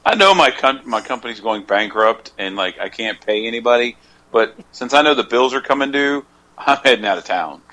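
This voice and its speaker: A man's voice: mid-range voice, animated, a little fast, sharp tone. A man co-hosting a casual wrestling talk show, sarcastic and acting out mock quotes. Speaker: podcast co-host.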